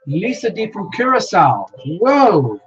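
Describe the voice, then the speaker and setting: This medium-pitched livestream host speaks slowly with a breathy edge, the audio dull and faint music playing behind. Excitable in casual chat, the host exclaims often and reads viewers' names aloud, scrambling to keep up.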